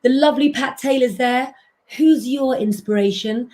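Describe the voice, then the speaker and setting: A woman's voice: sits high, normal speed, warm tone. A woman hosting a live stream as an astrologer and tarot reader, talking chattily to her viewers and calling them "guys".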